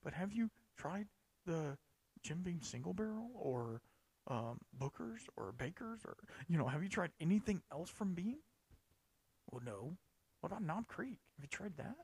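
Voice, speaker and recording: Gravelly-voiced man chatting on a podcast. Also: fairly high pitch, very animated, moderate pace, darkish tone, no room sound. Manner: chatty, rambling, with many fillers and restarts. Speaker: podcast host. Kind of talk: casual solo podcast talk.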